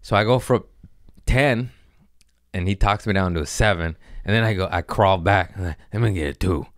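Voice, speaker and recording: A man on a podcast telling a profane, animated comic story and acting out the voices of the people in it. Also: low voice, moderate pace, clean tone, dry recording, clean studio sound. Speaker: comedian guest on a podcast.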